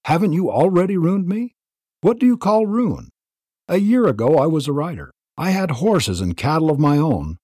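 A man voicing a defiant young outcast rider who talks back passionately and tauntingly, with a husky voice. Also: a little high, darkish tone, dry recording, clean studio sound, pitched above the performer's own voice, exaggerated voice. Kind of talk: audiobook reading.

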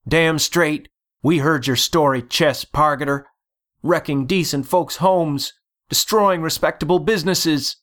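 A man voicing an indignant townsman yelling at an outlaw from a distance. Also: fairly high pitch, a little slow, pitched above the performer's own voice.

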